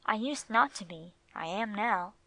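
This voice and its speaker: A woman's voice: medium pitch, expressive, a little slow, a bit bright, dry recording. A woman reading the part of an affectionate wife who speaks with emphasis. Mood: fond.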